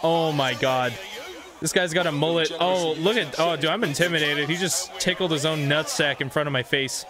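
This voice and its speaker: A man giving joking let's play commentary with excitable whoops and quick reactions, over game music. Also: a little high. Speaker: gaming YouTuber.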